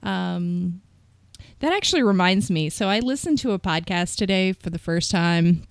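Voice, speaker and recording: A woman's voice: on the low side, expressive, moderate pace, creaky, dry recording. A woman, co-hosting a podcast in chatty, self-deprecating casual talk. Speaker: podcast co-host. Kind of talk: casual chat.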